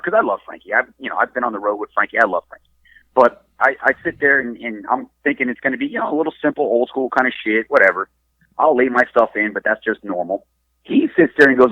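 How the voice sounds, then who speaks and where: A man's voice: mid-range voice, fast talker, no room sound, narrow, tinny audio. A man casually telling profane wrestling stories on a podcast, acting out what everyone said. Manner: profane, animated storyteller acting out quotes. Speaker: wrestler and trainer, podcast guest.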